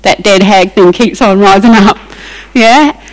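A woman preaching a lively, emphatic sermon and acting out Bible scenes. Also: mid-range voice, a little slow, low-quality recording.

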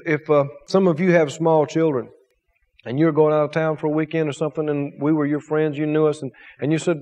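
A man's voice: on the high side, darkish tone, in a large hall. A man preaching a sermon as pastor, emphatic, with repetition and rhetorical questions.

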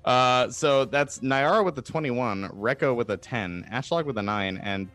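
A man's voice: medium pitch, moderate pace, fairly bright tone, faint music behind. A man narrating as game master of a tabletop game, in a loose, rambling way with many fillers.

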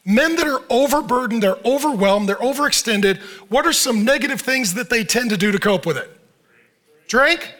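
A middle-aged male pastor preaches in a loose, conversational style. He fires rhetorical questions at his listeners and acts out what people might say. His voice sits high and sounds bright and forward. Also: lively intonation, fairly quick, few pauses. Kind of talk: sermon.

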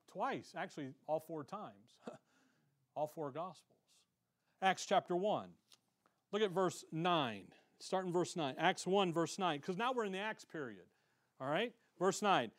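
A man with a notably high speaking voice delivers a church sermon. He reads scripture aloud and swings between forceful, loud emphasis and quiet, low asides. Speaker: pastor.

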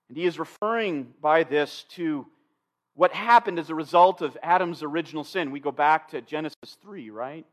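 A man delivers an expository sermon in a fairly high-pitched voice. He speaks straight to his listeners, calling them saints and believers. He repeats key phrases again and again to press them home. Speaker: pastor.

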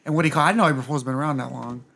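A man co-hosting a casual movie chat, excitable and swearing freely. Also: mid-range voice, very fast, gravelly. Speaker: podcast co-host.

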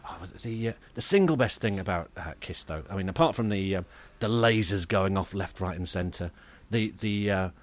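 Animated rambling comedy host. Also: male voice, sits low, moderate pace, few pauses. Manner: rambling, animated storytelling with restarts. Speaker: podcast co-host. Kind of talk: casual comedy chat.

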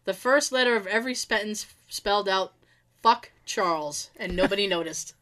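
A woman's voice: mid-range voice, normal speed, a bit bright. A woman reading work stories aloud in a casual way, laughing often and adding quips between them. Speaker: storyteller reading listener stories. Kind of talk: casual story reading with asides.

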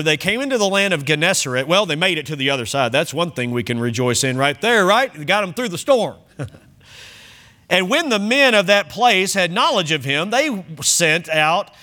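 A high, bright male voice preaching from the pulpit of a church sanctuary, with a lot of swing in his pitch. He reads scripture dramatically and breaks off into chuckling asides to his congregation. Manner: animated, emphatic reading with chuckles and asides to the congregation. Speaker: pastor. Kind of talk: sermon with scripture reading.

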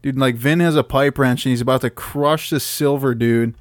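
A man's voice: medium pitch, fairly even intonation, normal speed. A man bantering casually on a podcast in a laid-back way, often saying "dude". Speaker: podcast co-host.

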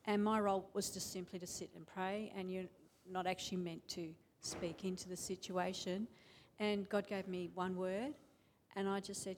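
A woman tells her story in a calm, plain way, with a faint hum of room noise behind her. It sounds like a testimony shared during a church gathering. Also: mid-range voice, moderate pace. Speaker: congregation member. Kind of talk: personal testimony.

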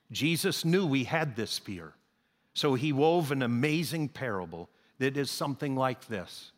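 A man's voice: a little high, animated, moderate pace. A man preaching a sermon as pastor, in a conversational storytelling manner. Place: church sanctuary. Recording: reverberant hall with soft music.

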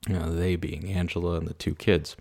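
Man, very deep voice, vocal fry, dry teasing humor, podcast chat. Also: level tone, a little fast, darkish tone. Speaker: podcast co-host. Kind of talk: casual chat with spouse.

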